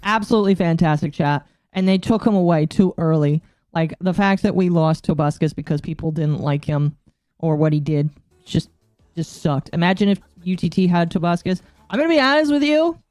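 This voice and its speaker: Flustered streamer woman, mellow and dry. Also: lowish voice, normal speed, no echo, soft background music. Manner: flustered, exasperated, talks to herself while fiddling with settings. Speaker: VTuber streamer. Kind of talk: casual live-stream chat.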